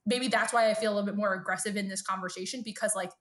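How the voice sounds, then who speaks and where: A woman's voice: mid-range voice, fairly even intonation, rapid-fire, a bit bright. A woman in her late twenties with a mid-range voice co-hosts a casual podcast chat. She talks frankly and with emphasis, swears freely, and acts out the lines of people she quotes. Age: late 20s. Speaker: podcast co-host.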